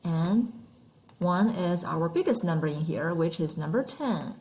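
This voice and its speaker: A woman's voice: lowish voice, lively intonation, unhurried, darkish tone, rough recording. A woman teaching numbers and tones in an online lesson, patient and demonstrating each sound aloud. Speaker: Mandarin teacher.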